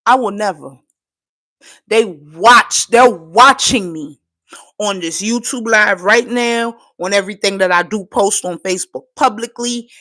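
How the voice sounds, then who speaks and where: A woman from Trinidad, her voice medium-pitched, a little slow, and sharp in tone, rants emotionally on a livestream. Fighting back tears, she is profane, impassioned, and insistent.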